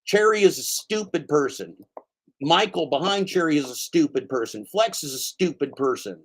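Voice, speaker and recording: A man's voice: a little high, lively intonation, normal speed, a bit bright. A man hosting his own channel, delivering a heated, profane rant and calling out a commenter by name. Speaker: channel host. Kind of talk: angry spoken rant.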